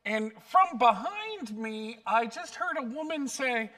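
A pastor with a drawl preaches slowly in a high, bright voice. He tells personal stories with a light, self-deprecating wit. The recording picks him up from a little way back from the mic. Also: animated, recorded from a distance. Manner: warm storytelling, light self-deprecating humor.

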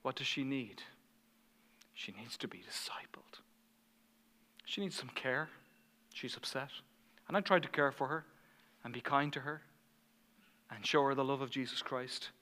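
A man preaching a sermon as pastor, telling stories animatedly and swinging from hushed asides to fired-up passion. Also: medium pitch, moderate pace, long pauses, big-room sound.

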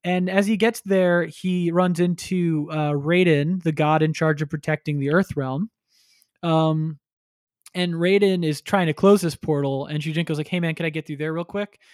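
A man with a fairly high, darkish voice chats casually on a podcast at a normal pace, his intonation fairly even. He retells a story and acts out the characters with crude humor. The studio-quality recording has no echo.

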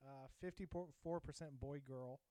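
A man co-hosting a podcast, chatting casually in a rambling, halting way as he reads out a list of results. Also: fairly high pitch, dark tone, poor audio. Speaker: podcast co-host. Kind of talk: casual chat.

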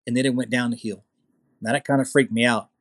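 A man from Louisiana with a Southern US accent, a podcast guest telling a personal story excitedly, repeating phrases and checking in with the listener. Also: medium pitch, fast talker, no echo.

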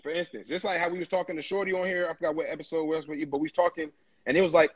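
Podcast co-host, male, high husky voice, emphatic and profane, lo-fi sound. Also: rapid-fire. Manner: animated, emphatic, swears freely. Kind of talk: casual chat.

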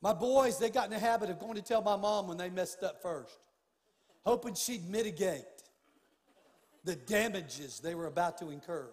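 High-voiced pastor preaching in a reverberant hall. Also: male voice, animated, moderate pace, darkish tone. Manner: preaching with rising fervor, casual folksy asides. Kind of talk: sermon. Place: large church sanctuary.

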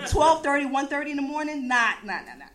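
Speaking quickly in a high voice, this woman from the US East Coast recounts something that happened to her. She's casual and animated, breaking into laughter often and swearing freely.

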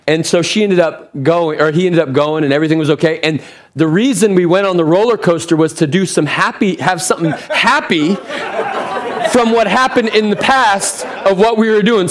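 A male pastor preaching a sermon, telling a story with chatty asides to the congregation. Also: sits high.

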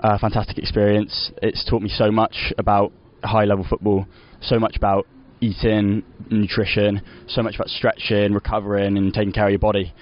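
A man's voice: fairly low pitch, little pitch movement, a little fast, hardly any pauses, muffled recording. A young man, a footballer, chatting in an interview, rambling with lots of "you know" and restarts. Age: young adult. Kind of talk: casual post-match interview.

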